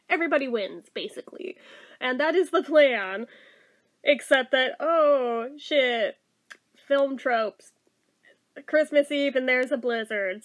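A woman with a notably high voice talks through a movie review off the cuff. She is blunt and excitable, swears freely, laughs easily and rambles through her thoughts with lots of fillers. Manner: excitable and animated, quick to laugh. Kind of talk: casual spoken review.

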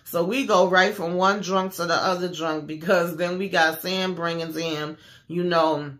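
A woman hosting a casual recap of a TV episode, retelling scenes in an animated, sassy, slangy way. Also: lowish voice, unhurried. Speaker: show recap host.

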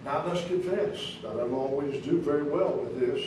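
A pastor preaching a sermon in a church, speaking emphatically with rising questions and sudden soft drops, with an American accent. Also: male voice, a little high, fairly quick. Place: church sanctuary. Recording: echoey church recorded from a distance, noisy.

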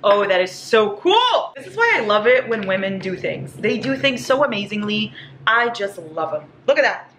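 A woman vlogging a casual haul, gushing and excitable, squealing over each item. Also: medium pitch, normal speed. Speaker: book vlogger. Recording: echoey room with faint hiss.

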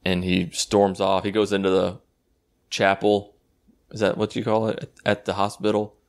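A man's voice: lowish voice, completely flat delivery, moderate pace. A man giving a casual, rambling and sarcastic recap of a movie, swearing freely as he goes. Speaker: YouTube movie reviewer.

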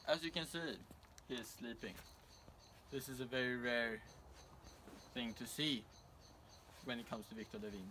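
A man's voice: mid-range voice, normal speed, long pauses, pushed and bright, a little hiss or hum. A young man with a Swedish accent delivering a mock-serious news report in a comedy sketch.

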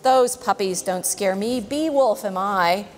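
A woman voicing a boastful, stubborn male polar bear in a storybook, with excited exclamations. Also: medium pitch, a little slow, slight background noise, close to an everyday voice. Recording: long church reverb.

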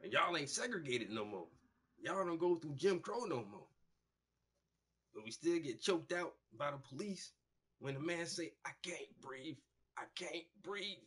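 A man hosting a painting show, telling stories in a loose, profane, animated way and acting out the people he quotes. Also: fairly high pitch, moderate pace, pauses often, husky. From United States. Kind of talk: casual storytelling monologue.

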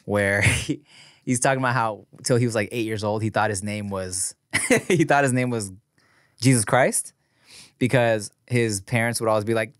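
A man's voice: medium pitch, normal speed, fairly bright tone, dry recording, clean studio sound. A man co-hosting a podcast, chatting casually, laughing and slipping into sing-song storytelling. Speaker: podcast co-host.

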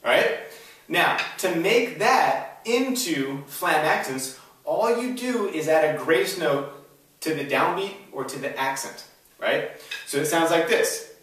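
A man's voice: a little high, lively intonation, slow pace, fairly bright tone. Upbeat man teaching drums in an echoey room. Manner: upbeat, keeps checking in with "all right?" and "right?". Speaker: drum instructor. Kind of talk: instructional drum lesson. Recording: very echoey room, voice a bit far from the mic.

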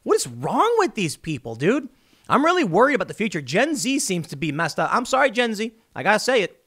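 A man delivers casual political commentary for his vlog, sarcastic and animated. His voice sits high for a man and swings widely in pitch as he rants. He uses plenty of offhand filler. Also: fast, husky. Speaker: host.

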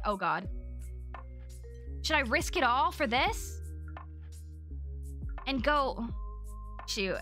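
Bright, high-voiced bubbly woman streamer. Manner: bubbly, chatty, thanking chat and giggling. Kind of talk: casual live-stream chat while gaming.

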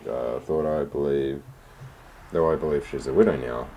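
Very deep-voiced sarcastic gamer man. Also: fairly even intonation, moderate pace, warm tone, a little hiss or hum. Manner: sarcastic, swears often. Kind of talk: casual gaming commentary.

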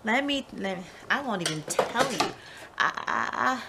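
A woman's voice: fairly high pitch, lively intonation, unhurried, gravelly. A woman vlogging at home, panicky and exclamatory, repeating herself while searching a storage room. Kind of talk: casual home vlog. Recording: noisy home video.

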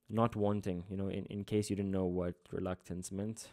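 A young man with a South African accent talks through exam geography as a relaxed tutor, slipping into chatty asides full of fillers. His voice sits a little low and has a soft, mellow tone. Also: moderate pace, hardly any pauses. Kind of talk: casual exam-prep lesson.

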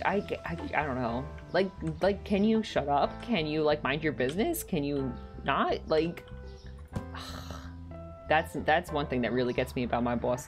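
A woman with a deep, low-pitched voice chats casually at home while she plays a game. She rambles and leans on "like" constantly, and she gets worked up whenever a pet peeve comes up. Soft music plays faintly behind her. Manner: rambling, heavy use of "like"; gets heated when annoyed. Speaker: streamer. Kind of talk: casual chat while gaming.

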